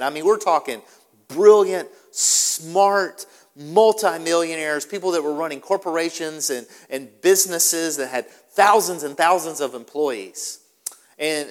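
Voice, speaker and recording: A male pastor delivers a sermon emphatically, repeating key phrases for stress. His voice sits fairly high. The sound rings with the long reverb of a large hall. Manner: animated, repetitive, emphatic.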